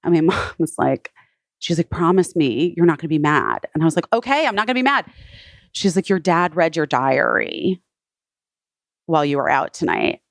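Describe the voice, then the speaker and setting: Low-pitched woman, podcast guest, chatty storytelling full of "like", dry close sound. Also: moderate pace, gravelly, no room sound. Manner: frequent "like" fillers, retells others' words. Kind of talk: casual personal storytelling.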